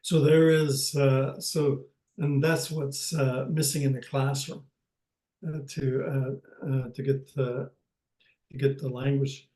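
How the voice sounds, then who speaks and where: An older man teaching a language lesson over a video call, speaking haltingly with many pauses and restarts. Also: medium pitch, level tone, dark tone, echoey room, low-quality recording.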